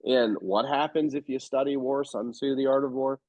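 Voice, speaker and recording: Here a man of medium pitch talks at a normal pace, appearing as a real estate investor guest in an informal interview. He recounts things with energy, bluntness and strong emphasis. There's no room sound, and the recording comes across dry and slightly dull.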